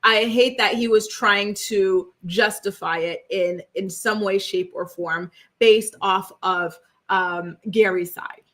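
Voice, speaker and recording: A woman's voice: mid-range voice, fairly even intonation, slow pace, fairly bright tone. A young woman hosts a casual celebrity gossip livestream, talking straight to her viewers. She is chatty and emphatic and keeps asking "right?" as she reacts to chat comments.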